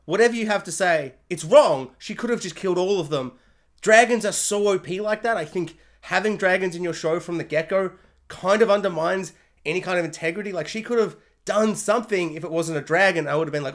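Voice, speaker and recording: A woman's voice: lowish voice, brisk. Woman, TV review vlogger, casual spoiler rant, exasperated, sarcastic, mocking put-on voices.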